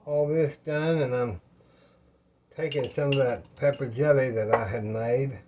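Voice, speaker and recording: A man's voice: medium pitch, steady tone, a little slow, dark tone, slight background noise. A man, chatting in a folksy, rambling way to his viewers while he cooks in his home kitchen. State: out of breath. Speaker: home cooking vlogger. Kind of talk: casual cooking talk to viewers.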